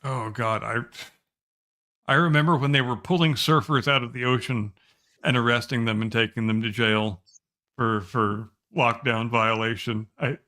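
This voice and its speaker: A middle-aged man with a bright, sharp voice at an ordinary pitch. He co-hosts a casual podcast, ranting emphatically and swearing freely. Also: steady tone, normal speed. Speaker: podcast co-host. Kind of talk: casual chat.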